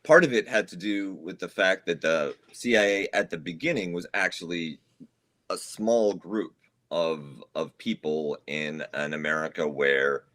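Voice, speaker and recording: Podcast host, man, very low voice, deadpan irony. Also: a little slow. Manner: dry and sarcastic. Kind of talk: casual chat.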